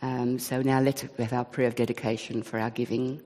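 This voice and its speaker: A man leading church notices and prayers in a measured, earnest way. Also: mid-range voice, little pitch movement, mellow. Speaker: church leader. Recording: reverberant church hall.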